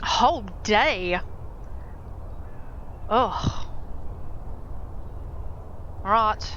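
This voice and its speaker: Slow-talking woman streaming a game. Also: mid-range voice, animated, a little hiss or hum. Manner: reacts with gasps and jokes. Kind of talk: live game playthrough, reading aloud. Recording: dull stream audio under loud game music.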